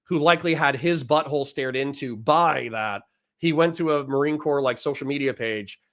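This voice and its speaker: A man's voice: medium pitch, moderate pace, a bit bright. A man, a Marine veteran, telling a rambling, profane story in casual chat and often breaking into laughter.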